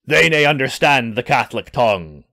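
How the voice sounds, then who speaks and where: A man putting on a stern male pirate who speaks in an old seafaring dialect, voice pushed lower and a little quieter than a storyteller's own. It belongs to a spoken adventure story. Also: big pitch swings, normal speed, creaky, no room sound, clean studio sound, full character voice. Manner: archaic pirate speech, stern.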